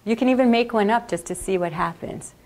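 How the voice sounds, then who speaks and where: A woman leading a workshop, guiding a group through a meditation in a slow, calm and soothing way. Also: on the high side. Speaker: workshop leader. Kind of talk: guided meditation. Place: classroom or workshop.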